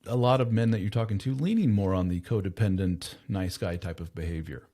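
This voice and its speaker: A man's voice: low-pitched, fairly quick, mellow. A man interviewing a guest, asking brief questions and giving short backchannels in a casual way.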